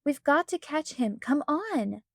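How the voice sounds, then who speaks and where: Woman reader doing a firm, sensible young girl, high voice, dry close sound. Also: lively intonation, a little slow, no echo. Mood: urgent. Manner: firm, takes charge. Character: sensible, determined ten-year-old girl.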